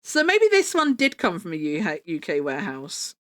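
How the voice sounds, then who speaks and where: A woman's voice: lowish voice, wildly swooping pitch, moderate pace. A young woman chatting casually on a livestream, rambling with lots of fillers and casual swearing. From United Kingdom. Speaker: live streamer.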